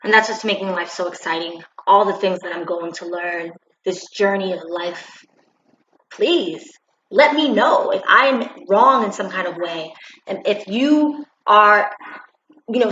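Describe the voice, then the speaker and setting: A woman giving a preachy, animated opinion monologue for her vlog, in a dull, roomy home recording. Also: mid-range voice, slight background noise. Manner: preachy, animated, acts out quotes. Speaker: commentary vlogger.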